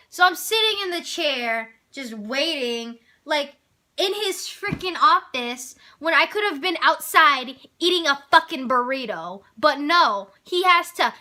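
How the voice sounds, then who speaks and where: Clearly exasperated, a teenage vlogger launches into a casual rant about a school incident, her voice high and bright. She's animated throughout and doesn't hold back on the swearing.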